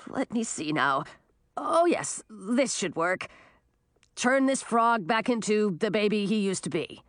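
A woman voicing a cowardly old male wizard who whines and squeaks in a storybook reading. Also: lively intonation, a little slow, dry recording, clean studio sound, close to an everyday voice. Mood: whimpering. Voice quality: whiny, squeaky.

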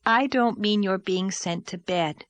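A woman voicing an earnest, gently firm young woman in a storybook reading. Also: medium pitch, measured pace, no echo, close to an everyday voice. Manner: earnest, emphatic.

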